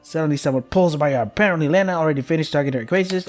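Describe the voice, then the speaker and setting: A man's voice: on the high side, racing, faint music behind. A young man streaming a game, reading its text aloud and breaking off to swear and complain in exasperation, skipping lines with "yada yada".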